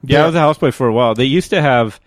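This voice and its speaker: A man's voice: mid-range voice, racing, no echo, studio quality. A young man in casual chat, telling a long story in bursts with many fillers and frequent laughs.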